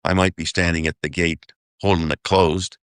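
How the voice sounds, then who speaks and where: A very low-pitched man with a bright, forceful edge, speaking as an interview guest. He rambles and works through figures out loud, tossing in "okay?" as he goes. The sound is close and dry. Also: little pitch movement, normal speed, smooth, no room sound. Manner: rambling, does sums aloud, keeps asking "okay?". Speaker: investor guest. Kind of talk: casual interview talk.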